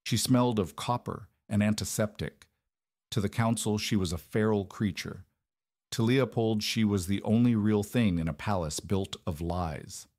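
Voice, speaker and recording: A man narrating a scripted story in an even, measured way. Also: lowish voice, no echo, studio quality.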